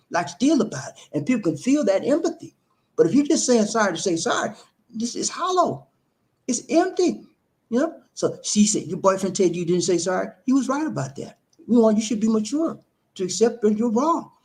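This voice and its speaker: A man hosting a live stream, giving casual relationship advice and reading viewer comments. He talks in an animated, preachy way, repeats himself for emphasis and speaks straight to his viewers. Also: very high-pitched, brisk. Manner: animated and repetitive, preachy, addresses viewers directly. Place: living in the Philippines.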